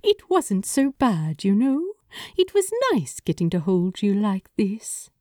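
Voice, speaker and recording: A prim, affectionate male angel, voiced by a woman reader, fond and gently mocking in an unhurried, lively-pitched line. The reading is dry and close, like a quiet home recording of a story. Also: no room sound.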